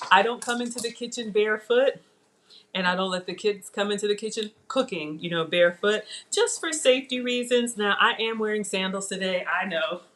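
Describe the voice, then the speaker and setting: A woman's voice: medium pitch, a bit bright, a little hiss or hum. A middle-aged woman hosting a casual live cooking demo from her home kitchen, talking to viewers in a chatty, digressive way. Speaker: cooking show host.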